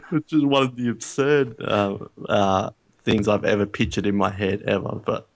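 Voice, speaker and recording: A man's voice: fairly low pitch, expressive, measured pace. A man co-hosting a podcast in casual chat, making dry teasing quips. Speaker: podcast co-host.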